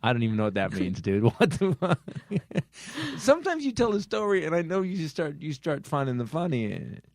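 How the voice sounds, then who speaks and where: A man's voice: big pitch swings, fast talker, few pauses, no echo, studio quality. Incredulous man with a swooping voice. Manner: incredulous, laughing, with wide swings in pitch. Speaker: podcast host. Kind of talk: casual comedic banter.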